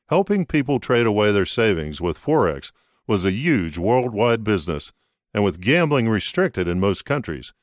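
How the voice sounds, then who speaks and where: Male audiobook narrator, low voice, lively pitch, dry close sound. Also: dry recording. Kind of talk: scripted narration.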